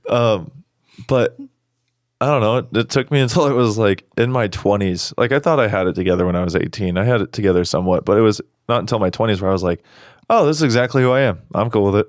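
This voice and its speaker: Easygoing young man, low and dry. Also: fast talker, no room sound. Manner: easygoing, rambling with fillers and restarts. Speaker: podcast host. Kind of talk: casual podcast chat.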